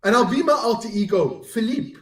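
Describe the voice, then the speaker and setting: A man with a very high voice, joking at his own expense and tripping over names as he reads them. He sits well back from the microphone, and the room adds a roomy echo. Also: animated, a little fast, fairly bright tone, distant mic. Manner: self-deprecating, stumbles over names. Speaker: podcast co-host. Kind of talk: casual chat.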